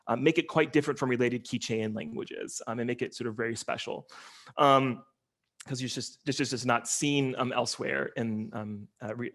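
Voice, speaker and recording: Male academic, online lecture, slightly high, halting and filler-heavy. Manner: explanatory, many ums and restarts. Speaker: linguistics lecturer.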